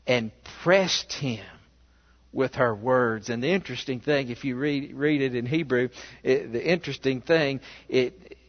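Male pastor, unhurried, storytelling sermon; reverberant, muffled church recording. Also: medium pitch. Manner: animated storytelling with rhetorical questions. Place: church sanctuary. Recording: echoey, dull church recording.

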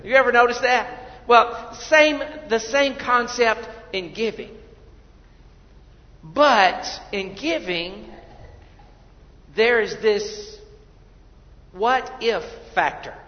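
A man's voice: very high voice, lively intonation, slow, long pauses. A male pastor preaching a sermon in a church, earnest and conversational, repeating his words and asking the congregation questions. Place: church sanctuary. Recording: dull audio with long hall reverb.

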